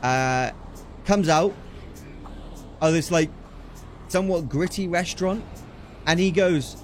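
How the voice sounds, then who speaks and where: A young English man on a livestream, telling a story in an excitable way, swearing casually and acting out the quotes. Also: a little high, slow pace, a little hiss or hum. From England. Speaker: streamer.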